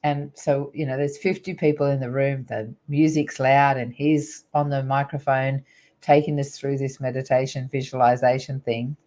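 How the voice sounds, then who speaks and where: A woman's voice: rumbling low, level tone, normal speed, mellow. A middle-aged woman, a guest on an interview show, earnestly recounting a personal spiritual story in a rambling way with many fillers.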